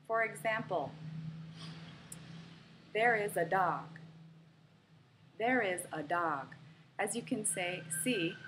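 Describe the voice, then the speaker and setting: Woman teaching pronunciation really slowly, spelling out stress in words, bit of background hum. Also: fairly low pitch, a bit bright. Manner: slow, careful demonstration of word stress. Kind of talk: instructional video lesson.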